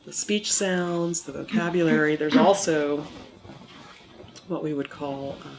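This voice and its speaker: An accent modification instructor explaining in an interview, in a measured, teacherly way, sounding a little monotone from a recent cold. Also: mid-range voice. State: recovering from a cold, somewhat monotone.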